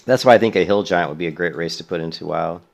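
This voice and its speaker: A man's voice: deep voice, fast talker, vocal fry, faint music behind. A man streaming a video game, chatting casually in a rambling, profane way. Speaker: let's play streamer. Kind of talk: casual gaming commentary.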